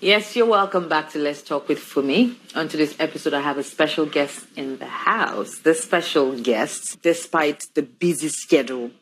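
An actress playing a married woman who hosts her own talk show, speaking in a composed, deliberate way. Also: deep voice, a little hiss or hum, natural voice, rough recording. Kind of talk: scripted talk show hosting.

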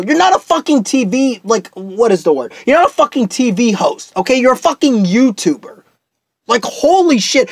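A man's voice: extremely high pitch, very animated, normal speed, gravelly, slightly rough, no echo, clean studio sound. Ranting young man, swings up and down. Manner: profane, heated ranting with restarts. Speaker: commentary YouTuber. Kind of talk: off-the-cuff rant.

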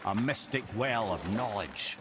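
A man's voice: lowish voice, sing-song, a little slow. An actor playing a sly, worldly older male storyteller who tells tales with dry, wry asides, heard as game audio under noisy ambience.

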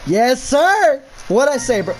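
A man's voice: extremely high pitch, very animated, slow, slight background noise, poor audio. A young man commentating his own gameplay of a horror map, jumpy, swearing a lot and yelping at scares. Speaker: gamer.

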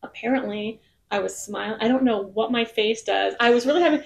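A woman's voice: fairly high pitch, quick pace, creaky. A woman singer-songwriter as a podcast guest, telling stories in a bubbly, rambling way. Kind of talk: casual podcast chat. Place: in Nashville.

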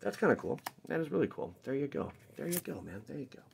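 A man hosting his channel, chatting casually while opening card packs, rambling and jokey with sudden excited outbursts. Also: medium pitch, fast, creaky, slight background noise.

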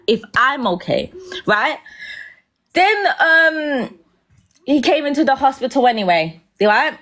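A woman's voice: on the high side, a bit bright. A young woman telling a painful personal story, close to tears, rambling and often checking in with "yeah?".

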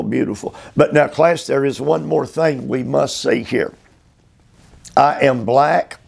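A male preacher giving a slow expository sermon, drawing out phrases emphatically and often repeating words. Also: a little high, gravelly. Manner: drawn-out, emphatic phrasing with repetitions. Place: motel room.

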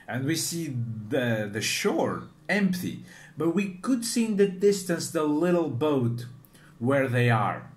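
A man hosting a casual reaction video, talking in a chatty, animated way and often restarting his sentences. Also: a little high, slow pace. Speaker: manga reaction video host. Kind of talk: casual commentary.

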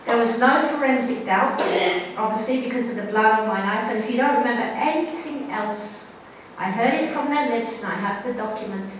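A woman giving a talk to an audience, telling a personal story in an animated, wry and self-mocking way. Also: fairly high pitch, moderate pace, a little hiss or hum. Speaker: guest speaker. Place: synagogue hall before an audience. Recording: echoey hall from far off.

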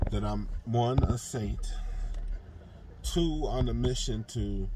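A man's voice: on the low side, noisy background. A young man talking earnestly and heartfelt to camera, rambling about his faith in a casual vlog. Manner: drawls softly when relaxed, livelier when engaged. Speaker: vlogger.

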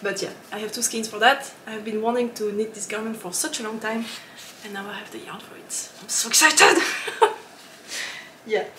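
A woman's voice: medium pitch, little pitch movement, a little fast, few pauses, a bit bright, echoey room. Woman podcast host, casual chat, giggly and rambling, mid-range voice, faint background hiss. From lives in Switzerland. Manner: chatty and giggly, with frequent ums and laughs.

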